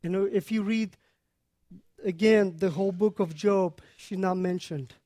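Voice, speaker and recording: A preacher teaching on a scripture passage in an earnest, unhurried way, pausing often to explain. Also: mid-range voice, fairly even intonation, warm tone, no room sound, studio quality.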